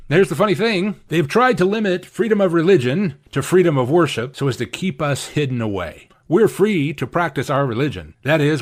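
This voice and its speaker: A man preaching a sermon, emphatic and repeating key phrases for stress. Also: on the high side. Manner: acts out quoted speakers in shifted voices. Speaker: pastor.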